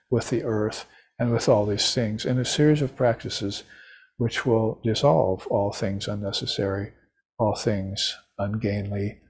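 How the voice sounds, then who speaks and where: A man giving an unhurried, reflective talk on scripture, now and then chanting short mantras. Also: lowish voice, vocal fry, husky. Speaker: spiritual teacher. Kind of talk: recorded lecture on scripture.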